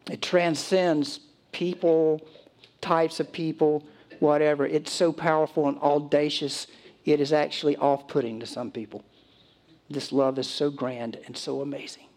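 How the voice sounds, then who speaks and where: A man preaching a sermon as pastor, earnest, moving from hushed, near-whispered lines to emphatic high calls. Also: level tone, measured pace.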